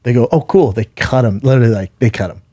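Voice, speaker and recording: A man's voice: medium pitch, rapid-fire, mellow, no echo. A man co-hosting a talk podcast, with a middling voice heard close and dry. He tells his stories with animation, acting out quotes and swearing freely. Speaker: podcast co-host. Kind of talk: casual chat.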